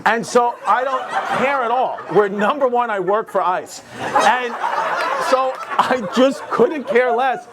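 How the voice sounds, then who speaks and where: High-voiced new guy doing standup, all worked up, loud room noise behind. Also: takes it slowly, a loud crowd. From New York. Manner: excitable, jumps into acted quotes, laughing audience. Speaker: stand-up comedian. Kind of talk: stand-up storytelling.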